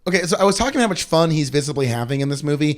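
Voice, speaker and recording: A man's voice: a little high, animated, racing. A man co-hosting a comedy podcast, chatting casually about movies in a wry way and quoting people in mocking voices. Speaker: podcast co-host.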